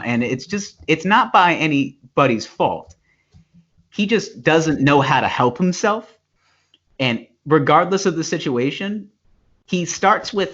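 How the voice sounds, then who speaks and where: A man's voice: mid-range voice, a bit bright. A man co-hosting a casual podcast, chatting loosely with lots of fillers and restarts. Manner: rambling, halting with fillers and restarts. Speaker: podcast co-host. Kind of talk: casual banter, wine tasting chat. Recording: dull lo-fi podcast audio.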